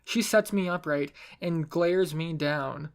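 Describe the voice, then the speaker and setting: A man's voice: on the high side, takes it slowly. A man narrating a first-person story in a wry, self-mocking way.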